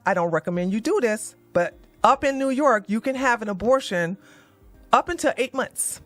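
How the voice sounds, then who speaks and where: A woman doing heated livestream commentary, blunt and animated, swearing and mocking as she swings from low muttering to loud outbursts. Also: measured pace, dry recording, soft background music. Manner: swears and mocks. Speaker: commentary streamer.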